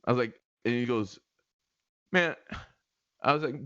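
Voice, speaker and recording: On a dry, dull-sounding recording with no echo, a male podcast co-host with a medium-pitched voice talks a little slowly and pauses often. He's an animated storyteller in a casual chat, laughing a lot and repeating himself.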